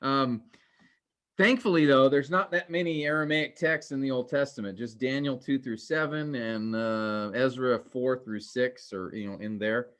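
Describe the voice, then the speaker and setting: A man teaching an informal class in a relaxed, conversational way, with many fillers and restarts and an earnest, cautionary tone. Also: mid-range voice, moderate pace.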